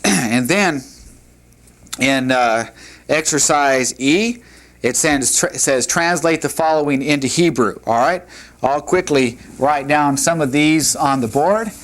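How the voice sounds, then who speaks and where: Male instructor, unhurried lecture delivery, patient tone. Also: medium pitch, a bit bright. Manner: slow, patient, sounds out words. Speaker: Hebrew teacher. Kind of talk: classroom lecture.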